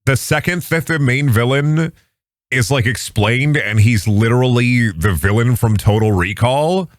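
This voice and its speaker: A man's voice: mid-range voice, lively intonation, unhurried, dry recording, clean studio sound. A man as a podcast guest in casual chat, blunt and exasperated, swearing freely.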